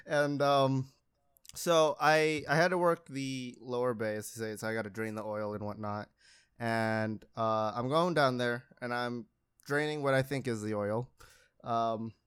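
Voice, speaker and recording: A man's voice: mid-range voice, a bit bright, clear, resonant tone. A young man casually telling a long story about a mishap at his auto shop job, rambling, laughing and mocking himself.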